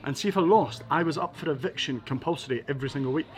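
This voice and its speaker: A Scottish man from Edinburgh, a podcast guest telling animated anecdotes with wry asides. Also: on the high side, very fast, soft background music. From Scotland, Edinburgh. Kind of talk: casual storytelling interview.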